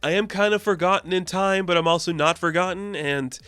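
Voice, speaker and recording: A man voicing an overlooked young superheroine, speaking in a slightly higher, plaintive voice. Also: a little fast, a bit bright, clear, resonant tone, dry recording, faint music behind. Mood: wistful.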